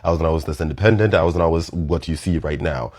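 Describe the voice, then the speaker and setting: A man's voice: extremely low pitch, quick pace, a little mellow. A man with a Nigerian accent, giving a blunt and emphatic commentary monologue full of swearing. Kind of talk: impassioned social commentary monologue. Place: United States.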